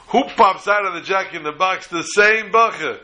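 Guy telling a story at a religious talk, bright voice, animated, stops and restarts a lot. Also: sits high, rough recording.

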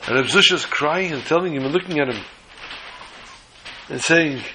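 A man telling religious stories in an animated, dramatic way, repeating phrases for effect. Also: a little high, normal speed, pauses often, background noise. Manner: animated, dramatic storytelling with repetition. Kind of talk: storytelling lesson.

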